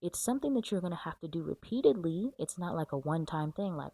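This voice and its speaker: A woman's voice: deep voice, expressive, fast talker, hardly any pauses, mellow, breathy edge, no room sound, rough recording. A woman giving a casual, chatty tarot reading to camera, full of fillers and a little out of breath. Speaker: tarot reader.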